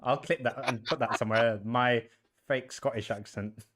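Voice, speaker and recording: A man's voice: medium pitch, steady tone, normal speed, fairly bright tone. A man hosting a podcast, joking around and rambling in casual chat. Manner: playful, jokey, rambling. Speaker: podcast host.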